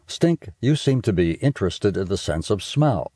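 A man voicing a kindly female schoolteacher, gentle and explanatory. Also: lowish voice, very animated, moderate pace, slightly rough, no echo, clean studio sound.

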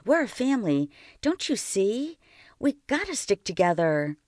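A woman reading aloud and voicing a stubborn, loyal ten-year-old boy in a lifted, softer voice. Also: very animated, a little slow, no room sound, studio quality. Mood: pleading. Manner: higher and softer boyish voice.

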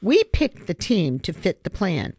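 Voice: medium pitch, sing-song, unhurried, darkish tone, breathy edge, dry recording, voice pushed up, heavily acted. An audiobook reader voicing a determined schoolboy who leads a heist crew, talking in an intense, commanding way. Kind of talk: audiobook character voice.

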